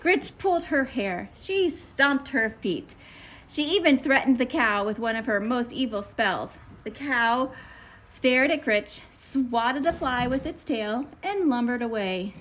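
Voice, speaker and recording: A woman reading a children's picture book aloud, with playful, expressive narration. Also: a little high, slow pace. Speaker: storybook reader.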